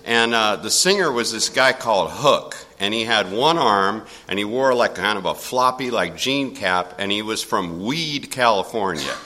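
Man, older, personal storytelling, casual, chuckling, animated, bright tone. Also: on the low side, normal speed, few pauses.

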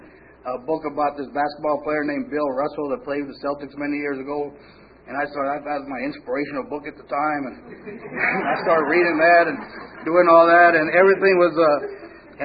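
A man with a slightly high voice tells a long, rambling personal story with humor and acts out the dialogue in it. The recording is muffled and lo-fi. A faint hiss sits underneath. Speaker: speaker sharing a recovery story. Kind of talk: storytelling testimony.

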